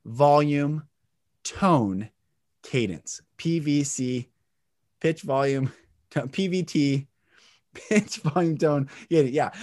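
A middle-aged man hosting an inspirational spiritual talk, earnest and emphatic, swinging his pitch and loudness for effect. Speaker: podcast host and speaker.

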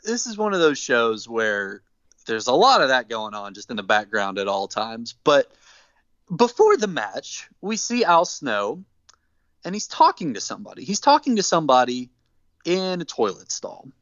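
A man on a podcast, casually retelling a story with animated, acted-out quotes. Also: medium pitch, moderate pace, dry recording. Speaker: podcast co-host. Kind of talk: casual chat, recapping wrestling. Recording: dull dry close mic.

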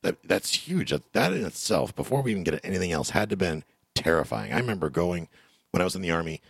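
A man's voice: deep voice, sing-song, quick pace, vocal fry, breathy edge, dry recording, clean studio sound. A middle-aged man hosting a casual interview show, chatty and joking with lots of restarts. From United States. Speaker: host.

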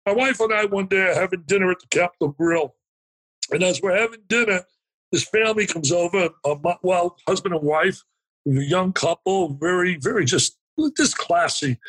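Husky-voiced man telling an emotional story. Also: sits high, moderate pace, poor audio. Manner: animated, emphatic, restarts and acts out dialogue. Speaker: guest, motivational speaker.

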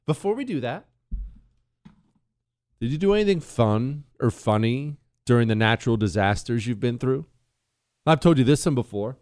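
Animated sarcastic male radio host. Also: medium pitch. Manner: animated, sarcastic, mocks others in put-on voices. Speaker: radio talk show host. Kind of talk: opinionated talk radio monologue.

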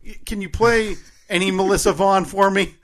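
A man co-hosts a podcast in relaxed, casual chat. He sounds earnest and quick to poke fun at himself, speaking in a somewhat higher register. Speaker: podcast co-host.

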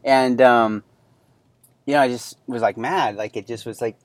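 A man's voice: mid-range voice, steady tone, normal speed, no echo. Rambling man in his thirties hosting. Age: 30s. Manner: rambling, many fillers and restarts. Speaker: podcast host. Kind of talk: casual personal storytelling.

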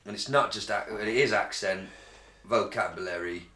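A man's voice: lowish voice, moderate pace, echoey room, a little hiss or hum. A man from England co-hosting a podcast in casual chat, sweary and rambling, telling stories with lots of energy. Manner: sweary, rambling, animated storytelling. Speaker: podcast co-host.

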